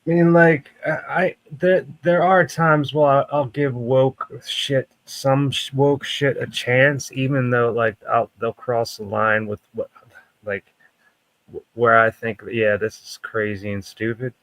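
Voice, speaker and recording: A man in casual podcast chat who talks haltingly with many restarts, saying "dude" and "like". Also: mid-range voice, level tone, fairly bright tone, no echo, rough recording. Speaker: podcast co-host.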